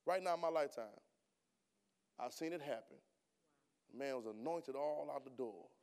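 A man preaching a sermon in a church, talking casually to the congregation and firing rhetorical questions, then rising into loud, emphatic bursts. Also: medium pitch, normal speed, clear, resonant tone.

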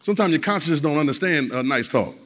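Man, preacher, emphatic, high voice, long church reverb. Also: lively intonation, fast, a bit bright. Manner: emphatic, repetitive call-and-response preaching. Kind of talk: sermon.

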